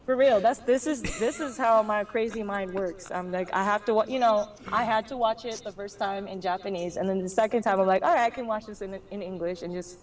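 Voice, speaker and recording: A woman in a casual chat, telling an animated story full of slang and frequent laughs. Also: mid-range voice, a little fast, few pauses, far from the mic. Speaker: guest on a live drawing stream.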